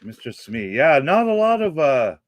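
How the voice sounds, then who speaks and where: A man's voice: fairly high pitch, sing-song, moderate pace, dry recording. A man from Canada, hosting a casual show chat in an easygoing way and laughing often. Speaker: show host.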